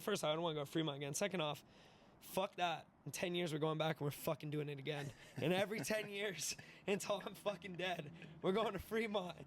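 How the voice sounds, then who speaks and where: A man telling a fight story in casual, profane, animated style, acting out the voices of the people in it. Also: a little high, a little hiss or hum. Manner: animated, profane, acts out voices in his stories. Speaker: podcast guest, mixed martial artist.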